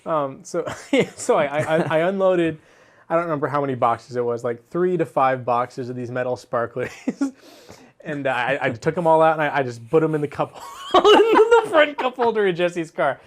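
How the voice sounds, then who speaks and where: A man's voice: fairly high pitch, normal speed. A young man co-hosting a casual chat show, telling a story with lots of laughter and swearing. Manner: animated storyteller, laughs often, swears freely. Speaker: co-host.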